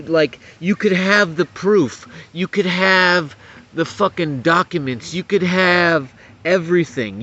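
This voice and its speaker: A man's voice: on the high side, fairly bright tone. A man giving an angry, profane political rant to camera, getting worked up and stumbling over repeated words. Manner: profane, agitated, stumbling restarts. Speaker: vlogger. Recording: dull lo-fi audio.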